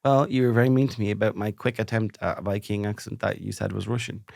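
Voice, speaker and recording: A man's voice: fairly low pitch, steady tone, quick pace, gravelly, a little mellow, no room sound. Irish guy joking around on a podcast, self-mocking, dry studio mic. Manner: playful, self-mocking storytelling. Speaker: podcast co-host. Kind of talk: casual chat.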